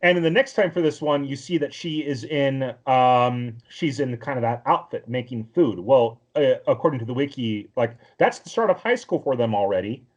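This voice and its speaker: With a mid-range voice, lively intonation, and few pauses at a moderate pace, a male podcast co-host rambles through a cartoon episode recap. His casual talk is thick with fillers and restarts, and the audio has its highs cut off.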